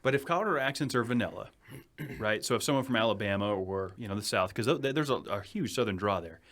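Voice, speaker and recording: Fast-talking New England man, low voice. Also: expressive, a bit bright. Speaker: podcast host. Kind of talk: casual chat. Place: podcast studio. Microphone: studio microphone.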